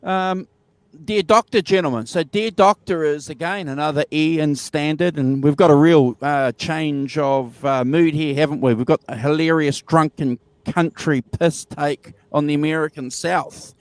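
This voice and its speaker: A man's voice: a little high, normal speed, dry recording. A man, co-hosting a casual album review chat, enthusiastic and repeating himself with many fillers. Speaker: podcast co-host.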